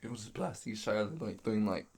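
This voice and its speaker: A man's voice: fairly low pitch, animated, fairly quick, vocal fry, a little mellow, slightly rough. A young man, a dancer guest in a podcast, telling stories in casual slangy chat and laughing often. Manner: laid-back slangy storytelling, laughs often.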